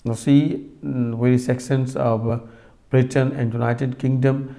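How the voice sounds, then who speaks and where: In a recorded lecture, a man with a mellow, gravelly, medium-pitched voice speaks in a level tone. He addresses the class directly, explaining slowly with lots of fillers and restarts.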